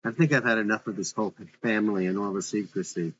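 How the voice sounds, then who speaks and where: Man reading a blunt mocking young woman, low voice, dull lo-fi sound, faint hum. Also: steady tone, quick pace, a bit bright, close to an everyday voice. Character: defiant sharp-tongued young woman.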